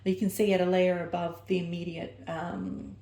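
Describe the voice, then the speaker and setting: A woman's voice: fairly low pitch, level tone, moderate pace, mellow, reverberant, slight background noise. A woman giving an oracle card reading, rambling and searching for her words as she corrects herself mid-sentence. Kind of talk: personal oracle reading to camera.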